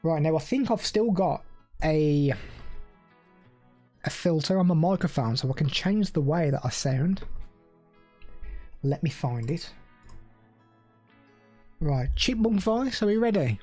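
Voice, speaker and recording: Husky streamer chatting casually. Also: male voice, a little high, animated, takes it slowly, long pauses, a little mellow, faint music behind. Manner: chatty, rambling, reads out chat messages. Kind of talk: casual live stream chat.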